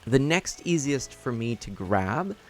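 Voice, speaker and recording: Brief: laid-back man streaming a game, slow chatty talk, animated low voice, soft music underneath. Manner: relaxed, chatty, frequent laughs, reads chat aloud. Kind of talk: casual live-stream commentary.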